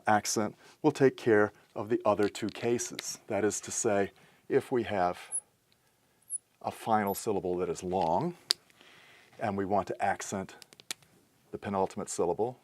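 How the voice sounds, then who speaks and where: A teacher gives a recorded lecture, methodically explaining things step by step and correcting himself now and then. His voice is on the low side with a darkish tone, and slight background noise is present.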